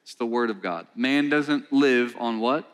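Male pastor, mid-pitch, animated sermon delivery with lots of call-and-response asides. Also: unhurried. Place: church sanctuary.

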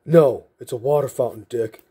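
A stern army drill sergeant snaps short orders at a recruit, as a man quotes him in his own voice. The tone is low-key and mellow, with a husky grain. It is casual spoken storytelling rather than radio-play acting. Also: normal speed. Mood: curt.

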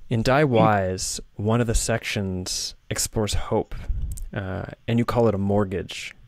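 Male interview host, low voice, polite and deliberate, dry sound. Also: fairly even intonation, no room sound. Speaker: podcast host. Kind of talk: interview questions.

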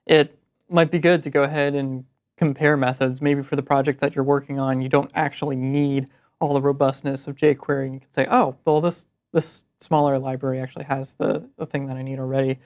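A man co-hosting a tech show explains web tools in a relaxed, easy manner. His voice is smooth and clear, at a middle pitch. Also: a little fast. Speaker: co-host. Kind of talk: casual tech show chat.

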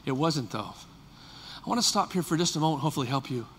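A man in his fifties, a pastor preaching a sermon, moving from soft, confiding talk to shouted, fervent passages. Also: on the high side, animated, quick pace, big-room sound, slight background noise. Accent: Californian.

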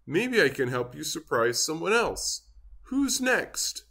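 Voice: medium pitch, very animated, slow, creaky, pushed and bright, full character voice. A storybook reader voicing a kind, easygoing male farm horse. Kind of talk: storybook read-aloud.

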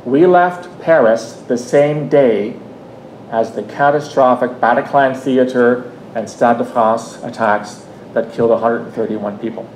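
A man's voice: unhurried, darkish tone. A Canadian man in his fifties giving a public talk, telling a personal story in a conversational way with frequent restarts and asides. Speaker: guest speaker. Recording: echoey room, faint rumble.

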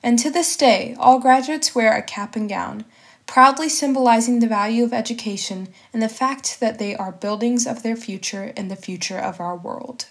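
A woman narrates an old parable in a scripted, storybook manner. Her voice sits on the higher side. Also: normal speed. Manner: storybook-style telling.

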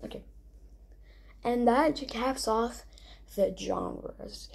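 A young woman hosting a casual countdown, excitable and rambling, recorded at home late at night. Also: medium pitch, moderate pace, gravelly. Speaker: video host. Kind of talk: casual awards-style countdown.

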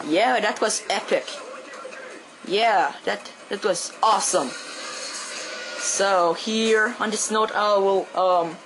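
Against background noise, a native French speaker from Quebec, Canada with a Quebec French accent takes his time on casual gameplay commentary, pausing often and erupting into high yelps and swearing.

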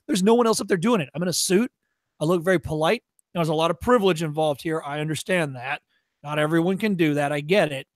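Male workshop presenter, high voice, dry sound; blunt, profane, tough-love delivery. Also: no echo. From Chicago area. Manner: acts out shopkeepers in quick voices. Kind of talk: workshop lecture.

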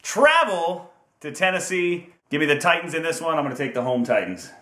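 Bright and forceful, a slightly high, sing-song male voice runs a little fast as he hosts a laid-back sports picks video. He's upbeat and playful, stretching team names for laughs, and the room echoes around him.

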